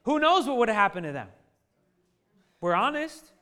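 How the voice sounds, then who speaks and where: A man in his thirties telling a funny family story to a live audience, lively and joking, often laughing at his own lines. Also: very high voice, moderate pace. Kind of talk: animated anecdote to a live audience.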